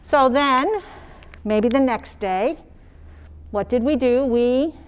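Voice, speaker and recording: A woman teacher demonstrating phonics, sounding out words slowly and singing little chants the way she would for young children. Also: high-pitched. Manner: slow, sing-song teacher talk modeling sounds for young children.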